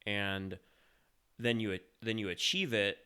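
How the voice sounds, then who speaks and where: A man's voice: fairly low pitch, steady tone, slow, sharp tone, a little hiss or hum. A man hosting a podcast in casual chat, rambling and hesitant, restarting his sentences often. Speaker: podcast host.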